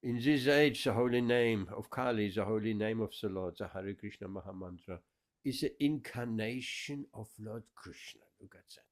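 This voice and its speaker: A man's voice: fairly low pitch, moderate pace. A man giving a scripture class, explaining verses with emphatic repetition. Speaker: spiritual teacher.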